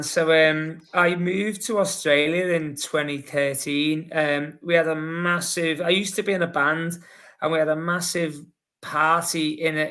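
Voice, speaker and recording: A Scouse man in his forties chats in a casual podcast. He tells stories with relish and slips into the voices of the people he quotes. His voice sits a little high for a man. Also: bright, forceful tone. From Liverpool, England. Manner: chatty storyteller, acts out quotes. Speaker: guest, marathon runner.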